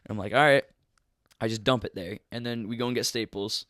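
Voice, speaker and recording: Animated young man telling a story. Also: on the low side, fast, no echo, clean studio sound. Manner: animated, swearing, acts out quotes. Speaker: podcast guest. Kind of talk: casual storytelling.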